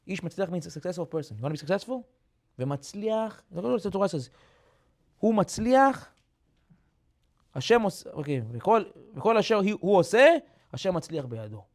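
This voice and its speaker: Speaking in a voice that's a little high, a man preaches an animated sermon as a rabbi. He repeats phrases, drops in Hebrew terms, and builds toward loud, emphatic climaxes.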